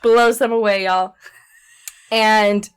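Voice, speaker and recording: Woman, podcast co-host, smooth clear voice, chatty animated recap. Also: mid-range voice, slow. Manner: chatty, animated storytelling with frequent fillers and laughs. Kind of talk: casual chat recapping a movie.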